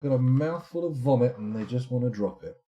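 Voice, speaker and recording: A man's voice: medium pitch, lively intonation, fairly quick, warm tone, muffled recording. A man streaming a game live, chatting and rambling to himself as he plays. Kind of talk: live let's-play commentary.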